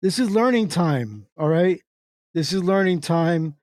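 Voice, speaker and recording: A man's voice: fairly high pitch, expressive, measured pace, a little mellow, no room sound. A man hosting an internet radio livestream, jokingly reading chat comments aloud and stumbling through words in playful confusion.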